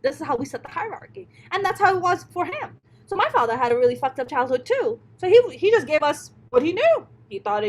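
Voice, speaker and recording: A woman's voice: sits high, big pitch swings, brisk, hardly any pauses, poor audio. A woman comedian telling a personal story in an interview, blunt and emphatic, swearing often. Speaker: stand-up comedian, guest.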